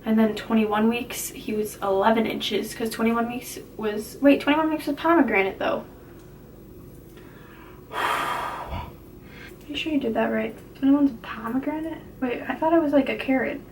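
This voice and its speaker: Young woman, casual vlog chat, rambling and giggly, slightly high voice, mic a bit distant. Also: measured pace, long pauses, background noise. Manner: chatty, giggly, rambling with fillers. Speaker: vlogger sharing a pregnancy update.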